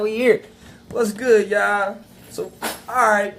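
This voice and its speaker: A man's voice: high voice, steady tone, slow, a bit bright. A man hosting a casual livestream show in a laid-back way, hyping up his guest in slang. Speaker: host. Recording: noisy livestream audio.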